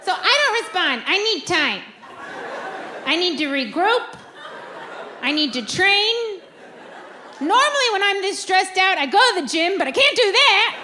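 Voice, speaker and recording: A woman performing a stand-up comedy set, telling a story and acting out quoted lines with animated delivery. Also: extremely high pitch, unhurried, long pauses. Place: comedy club stage with audience. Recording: live club recording with crowd noise. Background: audience laughter.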